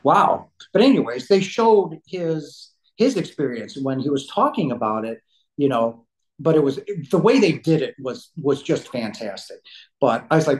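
A man's voice: mid-range voice, lively intonation, moderate pace, rough recording. Emphatic, blunt man telling his story. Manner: rambling with many restarts and fillers. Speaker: podcast guest. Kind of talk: conversational interview storytelling.

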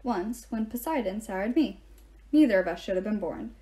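A woman reading a novel aloud, telling the story in first person in an even way. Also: medium pitch, moderate pace. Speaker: reader.

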